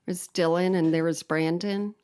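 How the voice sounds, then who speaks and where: A woman co-hosting a podcast in casual chat, joking in a wry, deadpan way. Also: on the low side, moderate pace, clean tone. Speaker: podcast co-host.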